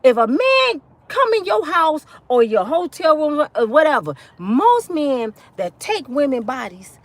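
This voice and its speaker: Animated high-voiced woman ranting. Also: unhurried, no echo. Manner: emphatic, slangy, acts out quotes in shifting voices. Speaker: commentary vlogger. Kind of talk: animated storytelling rant.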